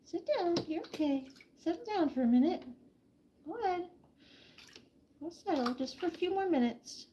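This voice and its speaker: A woman vlogging from her backyard farm, chatting casually with viewers and softly coaxing a hen through a soak. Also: extremely high pitch, expressive, moderate pace, slight background noise. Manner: soft, coaxing talk to an animal. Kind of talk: casual live chat reading comments.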